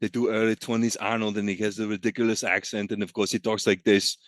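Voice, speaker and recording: A man with a fairly low voice, chatting loosely as a podcast guest. He rambles, cuts himself off and laughs often. The sound is dry and close on a studio mic. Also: flat delivery, fast talker, no room sound. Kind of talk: casual chat.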